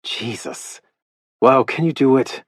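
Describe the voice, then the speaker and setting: A man playing a fretful man begging a friend for a favour, his pleas pushing higher than the narrator's own low voice. The sound stays dry and close, as in a studio audiobook. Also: takes it slowly, no room sound. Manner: pleading, fretful. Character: worried man on the phone, frantic partner.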